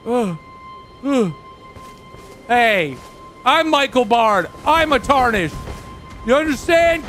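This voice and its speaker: A very high, bright and gravelly male voice, talking slowly and drawn out as he plays through a game on stream. He keeps reacting out loud, and the panic breaks out in shouts and yelps. Game music plays faintly behind him. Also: expressive. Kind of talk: live gameplay commentary.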